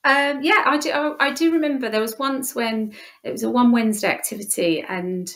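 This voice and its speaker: A woman's voice: on the high side, brisk, fairly bright tone. A woman with an English accent, a guest in an interview, telling a heartfelt personal story with frequent restarts. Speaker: interview guest, youth leader. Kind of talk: conversational interview.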